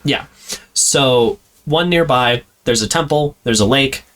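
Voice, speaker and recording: A man's voice: medium pitch, takes it slowly, fairly bright tone. A man co-hosting a podcast in casual chat, rambling with plenty of fillers and frequent laughs. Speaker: podcast co-host.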